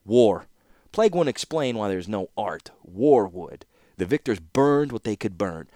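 A man's voice: lowish voice, sing-song, unhurried, mellow, no echo. A man reading an audiobook voices an impulsive, argumentative young scholar who talks in heated, emphatic bursts. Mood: insistent.

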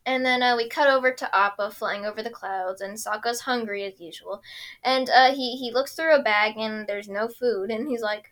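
A woman's voice: on the high side, moderate pace, fairly bright tone. A young woman casually recapping a cartoon episode, giggling often and briefly mimicking the characters.

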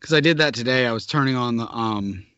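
A man in his thirties co-hosting a casual chat, relaxed and hesitant, trailing off with fillers, in a dull, muffled recording. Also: mid-range voice, quick pace, smooth, no room sound.

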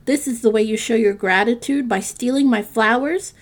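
A woman's voice: medium pitch, normal speed, vocal fry, darkish tone. A woman voicing an angry male beast who rules an enchanted palace, speaking sternly and grimly in a storybook reading. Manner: stern, threatening, grim.

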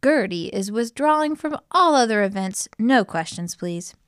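Una mujer haciendo de gansa madre firme y decidida. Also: female voice, medium pitch, animated, moderate pace, smooth, no room sound, studio quality, voice pushed up, natural voice. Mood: firm. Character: proud excitable female goose, protective mother.

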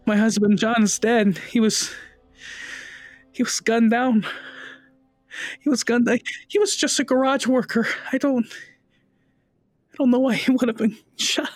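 A man's voice: very high-pitched, steady tone, measured pace, long pauses, dry recording, soft background music, voice pushed up. A man voicing a tearful, grieving young woman who pleads and breaks off mid-sentence. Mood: distraught.

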